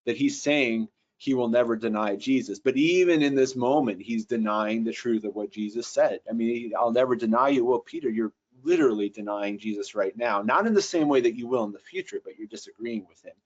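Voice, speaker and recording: A man's voice: mid-range voice, a little fast, hardly any pauses, a little mellow, muffled recording. A man teaching Greek translation notes, thinking aloud with frequent restarts and fillers. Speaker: Bible software trainer.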